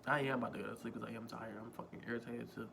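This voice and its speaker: A man's voice: medium pitch, steady tone, racing, gravelly, noisy background. A man vlogging a casual storytime on a phone, rambling, repeating himself and swearing freely. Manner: rambling, profane, self-repeating.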